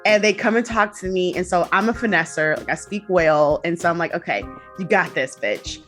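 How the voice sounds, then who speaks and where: A young adult woman telling a personal story in a casual, animated way, acting out the quotes. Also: fairly low pitch, brisk, soft background music. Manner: animated, acts out quotes with laughs and swearing. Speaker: guest.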